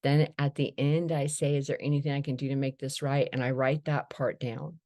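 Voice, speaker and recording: A middle-aged woman candidly sharing her recovery story, telling it as a lively anecdote with acted-out dialogue. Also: very deep voice, brisk. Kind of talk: personal recovery talk.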